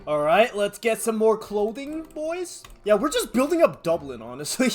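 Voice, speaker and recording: A young man giving excitable commentary on a strategy game as a gaming YouTuber, laughing often and hyping up his audience. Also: sits high.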